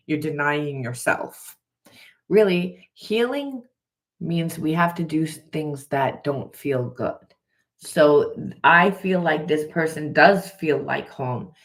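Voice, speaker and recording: A woman spiritual coach talking through a tarot reading in an earnest, conversational way, often repeating herself. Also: low voice. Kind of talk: casual tarot reading monologue.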